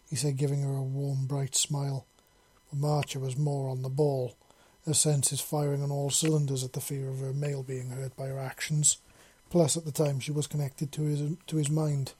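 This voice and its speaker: A narrator reads fan fiction aloud in a husky, mellow voice. The reading is unpolished, with frequent slips and corrections along the way. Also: mid-range voice, level tone, normal speed.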